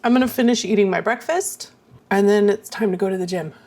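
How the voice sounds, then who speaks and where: A woman's voice: medium pitch, a little fast, darkish tone. A woman vlogger talking casually to her viewers, rambling and self-deprecating, earnest and openly emotional. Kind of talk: casual chatty vlog.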